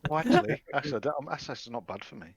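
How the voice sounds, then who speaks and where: A man playing in a tabletop game over a voice call, making quick, jokey comments about the party's plans. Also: medium pitch, animated. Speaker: player. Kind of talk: casual tabletop game chat. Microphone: home microphone on a voice call.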